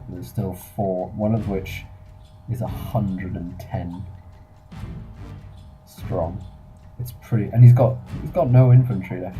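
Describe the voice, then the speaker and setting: A man with a low-sitting voice offers casual commentary on a strategy game battle while music plays behind him. The audio is poor, and as a gameplay reviewer he rambles and corrects himself while thinking aloud.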